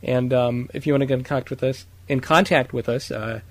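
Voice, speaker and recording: A man hosting a podcast in a relaxed, easygoing way, with frequent fillers and hesitations. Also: mid-range voice, fairly quick. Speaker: podcast host. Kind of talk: casual podcast chat.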